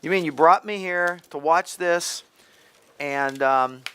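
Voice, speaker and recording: Speaking slowly in a smooth, slightly bright voice on the high side, a middle-aged pharmacist hosts a health advice talk. He talks emphatically and straight to the listener, frequently restarting sentences.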